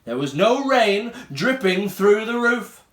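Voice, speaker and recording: A male primary school teacher reading a picture book aloud to children in slow, expressive storytelling. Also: sits high. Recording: roomy room echo.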